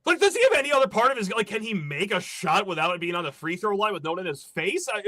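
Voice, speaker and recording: Brief: high, lively man, podcast host on a sarcastic rant, dry close sound. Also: fast, no echo. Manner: animated, ranting, sarcastic.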